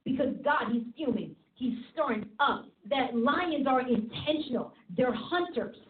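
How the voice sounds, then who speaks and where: A woman hosting a faith talk show, preaching in an animated, fired-up way and laughing often. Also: high-pitched, a little slow. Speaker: host and preacher. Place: office studio. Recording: tinny phone-like sound in an echoey room.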